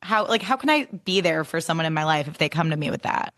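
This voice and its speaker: A young woman hosting a casual podcast, chatty and playful with lots of "like"s. She is quick to get emotional. Her voice sits a little low for a woman. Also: animated, fairly bright tone. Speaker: podcast host.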